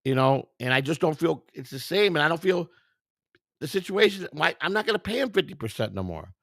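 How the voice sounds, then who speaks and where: A man's voice: fairly high pitch, sing-song, a little fast, creaky, dry recording, clean studio sound. A tired man hosting a live stream, reading viewer comments and firing back at them in a combative, profane way. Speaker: livestream host.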